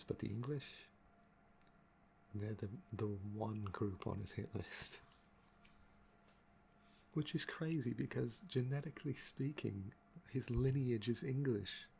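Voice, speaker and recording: A young man with a gravelly, fry-laden voice, talking in a soft-spoken ASMR chat that meanders and trails off. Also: on the low side, a little hiss or hum. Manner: meandering and musing, often trailing off with "um". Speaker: ASMR channel host.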